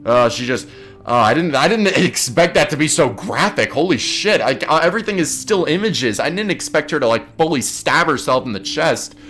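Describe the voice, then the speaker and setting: A man's voice: fairly high pitch, animated, moderate pace, a bit bright. Flustered, swearing man playing a game. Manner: flustered, swears a lot, talks to viewers. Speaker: let's play gamer. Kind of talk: gameplay commentary. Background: game music.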